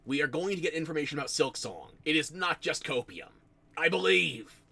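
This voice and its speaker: Man, New Jersey accent, streamer chatting with viewers, lively swinging pitch, rambling self-mocking stories, desk mic. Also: fairly quick, gravelly, breathy edge, no room sound. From United States. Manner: rambling, self-mocking storytelling with frequent laughs. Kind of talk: casual stream chat.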